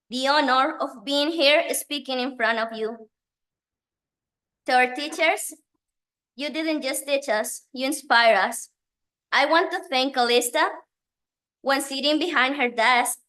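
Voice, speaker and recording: Woman, Spanish first language, high bright voice, nervous graduation speech, pausing as she reads. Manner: nervous, emotional, reading with pauses.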